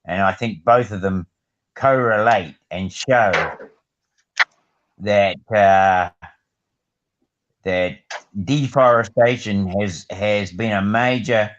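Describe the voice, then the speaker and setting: A man's voice: fairly low pitch, slow pace, pauses often. A man, chatting casually on a livestream and swearing freely with slang. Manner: swears freely, uses slang like "bloody" and "crikey". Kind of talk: casual chat. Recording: muffled livestream audio.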